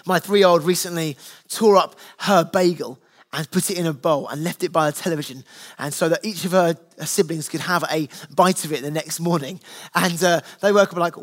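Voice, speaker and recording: A man's voice: a little high, brisk. A man preaching a conversational sermon to his church, earnest and plain-spoken, with stories from his family table. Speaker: pastor.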